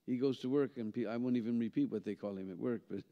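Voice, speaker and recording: A man's voice: medium pitch, quick pace. A man tells a story at a seminar, checking in with listeners by asking "hmm?" and "huh?" as he goes. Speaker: seminar speaker. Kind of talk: storytelling lecture. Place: temple hall. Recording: dull sound with long hall reverb.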